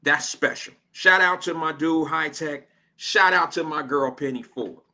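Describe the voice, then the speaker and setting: Bright, high-voiced American radio host. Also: male voice, unhurried. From Cincinnati, Ohio, USA. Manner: animated, slangy, laughs as he tells a story. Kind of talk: casual on-air storytelling. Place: radio studio.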